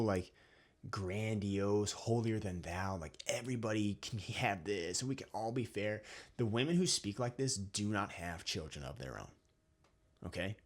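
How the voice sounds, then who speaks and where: A young adult man giving an opinion monologue as a channel host, lecturing and checking in with "okay?" again and again. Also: lowish voice. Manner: lecturing, repeats "okay?" often.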